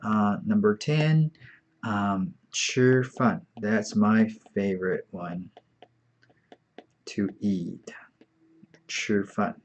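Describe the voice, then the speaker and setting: A man teaching an online beginner Chinese lesson, patient and repetitive, saying each word several times. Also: on the low side. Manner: slow, patient, repeats words often.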